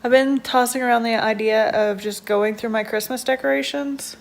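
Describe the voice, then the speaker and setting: A woman's voice: on the high side, fairly even intonation, normal speed. A young woman at home, a stay-at-home mom chatting casually and rambling with lots of fillers in a day-in-the-life vlog.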